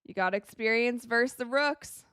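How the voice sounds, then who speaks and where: A woman hosting a live watch-along of a basketball game, reacting excitably to plays, crying out and laughing, and thanking viewers for donations. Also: fairly high pitch, moderate pace, smooth, no room sound, studio quality. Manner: thanks viewers for donations and answers their questions.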